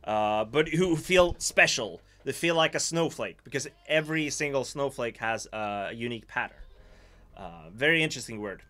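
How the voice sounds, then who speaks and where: Bright-voiced Swedish man, chatty livestream host. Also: medium pitch, lively intonation, moderate pace. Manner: musing, self-mocking, reads chat aloud. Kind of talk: casual livestream chat.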